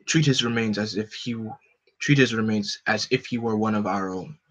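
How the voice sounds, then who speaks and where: A scheming older general speaks in a calm, measured, lowered tone, read by a man in his own normal voice. The reading is unhurried and plain, with no put-on accent. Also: rough recording. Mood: cold. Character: scheming older male general, cold and calculating. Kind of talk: comic book live read.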